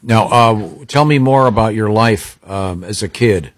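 A man's voice: lowish voice, a little slow, no room sound. A male host asking guest questions with hesitant ums, in interview banter.

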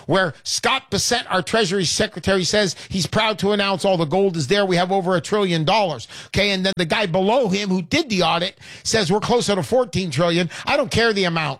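A man's voice: sits high, a bit bright, no echo, studio quality. Brash hard-selling male show host. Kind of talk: call-in show sales pitch.

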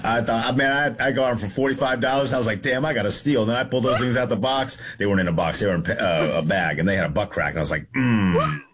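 A man's voice: fairly low pitch, very fast, few pauses, a bit bright, husky. A young adult man telling a story casually on a radio show, rambling and hesitant. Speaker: radio guest.

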